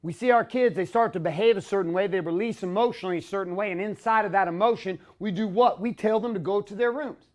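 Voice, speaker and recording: A man with a strikingly high-pitched voice delivers a motivational talk. His manner is fiery and profane, and he often bursts into shouts for emphasis. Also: fast, few pauses. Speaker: motivational speaker.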